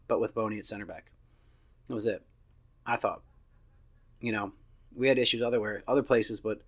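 A man in his thirties talks through a soccer match on his own, blunt and opinionated. He swears casually and sounds like he is chatting from the couch. His pitch sits in the ordinary middle range for a man. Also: fairly bright tone. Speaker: soccer podcast host. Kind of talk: casual solo match review.

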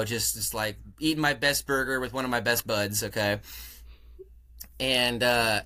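A young man from California, a podcast guest telling a story in a casual, animated way, often laughing and acting out what people said. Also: mid-range voice.

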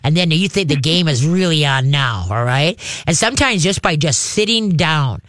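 A man giving casual dog-training advice to a caller, folksy and chatty, often checking in with "all right?" and sometimes slipping into a high coaxing dog-calling voice. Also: expressive, normal speed, a bit bright, no echo, clean studio sound. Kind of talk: casual radio advice chat.

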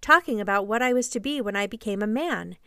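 A woman's voice: mid-range voice, fast, a bit bright, clear, resonant tone, dry recording, studio quality, natural voice. A woman voicing an eager, boastful young boy who refuses to grow up, in a storybook reading. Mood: cocky.

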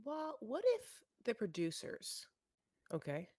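A woman's voice: a little high, very animated, slow, a little mellow, no echo, clean studio sound. A woman co-hosting a podcast in casual chat, rambling through hot takes with many fillers and laughing asides. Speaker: podcast co-host.

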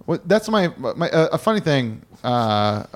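A man's voice: mid-range voice, sing-song, unhurried. A man hosting a podcast in casual chat, rambling and joking, often laughing. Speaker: podcast host.

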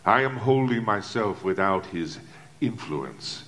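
A man playing a doctor's cold, eloquent male alter ego, speaking in a measured, aloof way with precise diction. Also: fairly low pitch, lively intonation, fairly bright tone. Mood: coolly aloof. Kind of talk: audio drama acting.

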